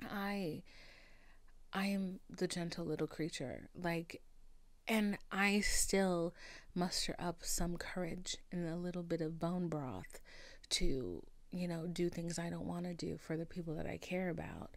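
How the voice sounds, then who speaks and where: Expressive young woman telling a story. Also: on the low side, a little slow, no echo. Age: 20s. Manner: expressive, swings between hushed near-whispers and loud outbursts; profane and emphatic. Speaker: podcast host. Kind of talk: casual confessional storytelling.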